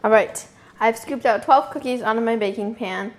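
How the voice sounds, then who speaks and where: A woman's voice: on the high side, normal speed. A young woman hosting a casual home baking tutorial, chatty and self-amused, talking while she works in her kitchen. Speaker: home baking video host. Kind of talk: casual cooking tutorial narration.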